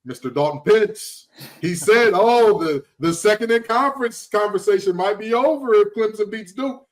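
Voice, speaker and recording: Wry male host opening a sports chat, jokey, high voice. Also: normal speed. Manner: joking, wry. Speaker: podcast host. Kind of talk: casual sports talk.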